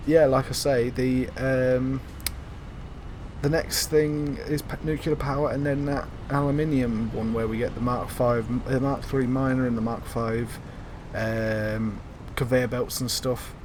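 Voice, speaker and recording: A man's voice: medium pitch, darkish tone, a little hiss or hum. Rambling, sweary young man gaming. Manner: rambling, filler-heavy, sweary. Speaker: gaming channel host. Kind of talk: casual gameplay commentary.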